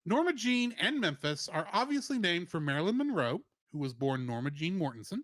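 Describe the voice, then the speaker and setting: A man's voice: on the high side, sing-song, fairly quick, fairly bright tone, dry recording. A man co-hosting a podcast, reading a plot summary and film trivia with playful asides. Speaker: podcast co-host.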